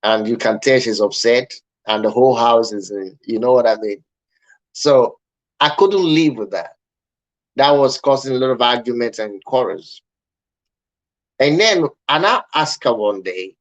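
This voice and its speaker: A man's voice: medium pitch, lively intonation, a little slow, poor audio. A man vlogging marriage advice in casual personal storytelling, earnest and reflective, talking straight to the viewer.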